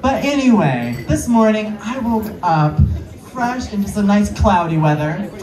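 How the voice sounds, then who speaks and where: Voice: mid-range voice, very animated, measured pace, distant mic. Playful stand-up comic in a roomy venue. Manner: playful, chatty, riffing with the crowd. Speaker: stand-up comedian. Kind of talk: stand-up comedy set. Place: live music venue before an audience. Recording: roomy live venue, mic from afar, crowd noise. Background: audience laughing and clapping.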